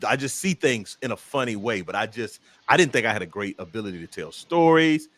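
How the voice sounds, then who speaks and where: Animated Southern American man. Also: lowish voice, brisk, no room sound. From Southern United States. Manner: animated storyteller, jokey. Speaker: comedian guest. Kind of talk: casual interview chat.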